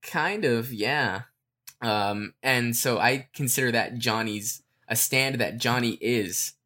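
A man of ordinary pitch co-hosting a casual podcast. He rambles through fan theories at an easy pace, trailing off and filling gaps with ums and likes. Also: slow. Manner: relaxed, rambling with fillers. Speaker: podcast co-host.

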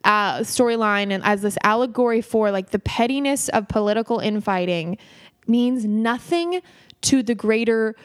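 A woman co-hosting a podcast in casual chat, animated, laughing often and swearing freely, a bit hungover. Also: a little high, moderate pace. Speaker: podcast co-host.

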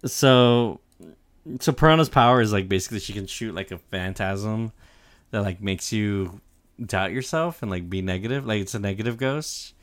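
Laid-back young man, low voice, dry sound. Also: moderate pace, dry recording. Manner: laid-back, swearing, many "like" fillers, laughs often. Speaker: podcast co-host recapping anime. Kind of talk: casual chat.

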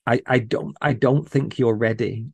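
A man with a voice of ordinary pitch, speaking as a guest on a podcast. He talks in a casual, earnest and passionate way. The sound is dry and close, with no room echo. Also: steady tone, moderate pace, gravelly, darkish tone, husky. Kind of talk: casual chat.

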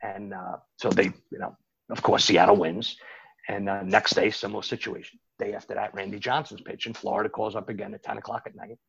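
A man with a very husky, gravelly voice tells a long story in a relaxed, rambling way, circling back and restarting his sentences. The recording is a little dull and lo-fi. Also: fairly low pitch, brisk. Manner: rambling, with frequent restarts and asides. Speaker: interview guest recounting his bookmaking days. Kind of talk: casual storytelling.

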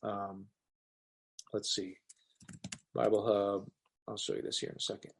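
A man's voice: on the low side, a little slow, creaky, slight background noise. A man teaching the Bible in a casual online session, talking loosely and acting out the quoted voices of others as he reads. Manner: animated, acts out quoted voices. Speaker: pastor.

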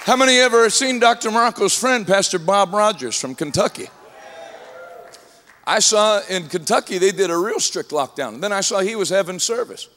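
Male preacher, high-pitched, jokey storyteller who rises to shouting, long reverb. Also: animated, normal speed, a faint crowd, a little hiss or hum. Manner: humorous storytelling, rising to shouts. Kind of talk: sermon.

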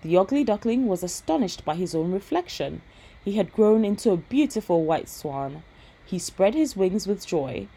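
A woman reading a bedtime story aloud in a gentle, steady voice. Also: medium pitch, normal speed, slightly rough, rough recording.

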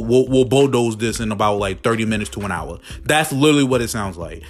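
A man's voice: lowish voice, a bit bright. A man reviewing a show in a casual, profane, exasperated rant full of fillers, with faint music behind him. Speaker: video reviewer.

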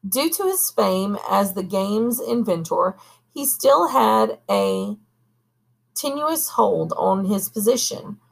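A woman reading a novel aloud at a steady pace, now and then pausing to correct herself. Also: mid-range voice, creaky, husky. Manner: steady reading with occasional coughs and self-corrections. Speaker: audiobook reader. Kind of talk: amateur audiobook reading.

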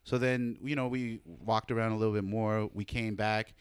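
A man's voice: on the low side, moderate pace, clean tone, no room sound. Man telling a story in casual chat. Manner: animated storytelling, acts out quoted voices, laughs often, swears casually.

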